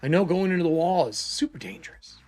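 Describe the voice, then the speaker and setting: A man's voice: fairly high pitch, animated, quick pace, a little mellow, soft background music. A man voicing a small, friendly, green-eared gremlin cook who chats and hesitates. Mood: chatty. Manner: chatty, welcoming, hesitant.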